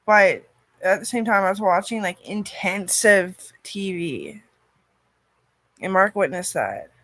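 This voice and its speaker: A woman talks in a rambling personal monologue and curses freely. Her volume swings widely, from loud outbursts down to soft murmurs. Her pitch sits in the middle, and the recording is close and dry with no room sound. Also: no room sound.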